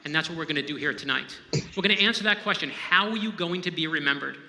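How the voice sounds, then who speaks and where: Talking fast in a fairly high, pushed and bright voice, a novelist delivers an inspirational storytelling talk. He is emphatic and conversational, checking in with listeners often, in a hall with a long, echoing reverb.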